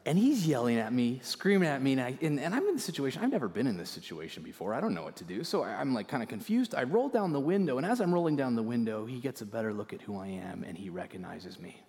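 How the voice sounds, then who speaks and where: A man's voice: medium pitch, big pitch swings, fast, few pauses. Preaching man in a reverberant hall. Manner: dynamic preaching, swinging from loud emphasis to hushed near-whispers; repeats key lines for emphasis. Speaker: pastor. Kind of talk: sermon.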